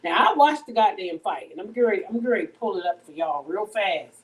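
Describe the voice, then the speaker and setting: A woman's voice: mid-range voice, lively intonation, fast, far from the mic, low-quality recording. A middle-aged woman hosting a casual live stream from her kitchen while she cooks. She talks bluntly, heatedly and with plenty of profanity. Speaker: livestream host. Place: home kitchen, cooking. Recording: voice a bit off-mic.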